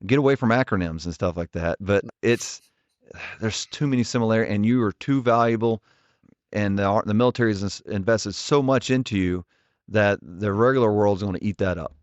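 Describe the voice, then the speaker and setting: Man, 40s, ministry leader guest, earnest and direct, low voice, dry dull podcast sound. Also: brisk, dry recording. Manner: earnest, direct, frequent restarts. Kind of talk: conversational interview storytelling.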